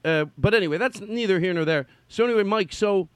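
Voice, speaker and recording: A man's voice: high voice, quick pace, clear, resonant tone, dry recording. A middle-aged man hosting a casual chat, telling old stories with energy and acting out what people said. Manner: animated storyteller, acts out quotes. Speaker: podcast host.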